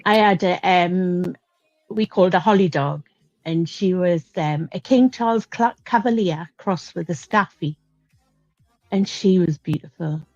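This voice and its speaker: A woman's voice: fairly low pitch, darkish tone, no echo, faint music behind. A middle-aged woman with a Geordie accent, chatting casually on a livestream panel and laughing often. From northeast England. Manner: chatty, laughs often, loose pauses and fillers. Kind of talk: casual chat. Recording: dull lo-fi stream audio.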